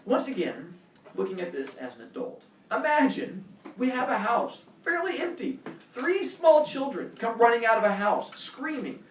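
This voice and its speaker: Animated man telling a story. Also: extremely high pitch, moderate pace, slight background noise. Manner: lively, acts out scenes with shouts and voices. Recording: echoey room, mic far off.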